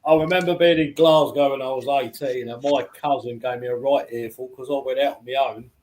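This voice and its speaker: A man hosting a podcast in casual chat, relaxed, giving short replies and quick anecdotes. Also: mid-range voice. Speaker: podcast host.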